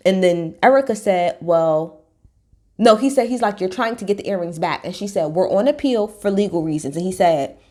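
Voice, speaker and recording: A woman's voice: mid-range voice, normal speed. A woman vlogger in casual chat, candid and slangy, swearing freely and mimicking others as she recaps. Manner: animated, mimics others mid-story.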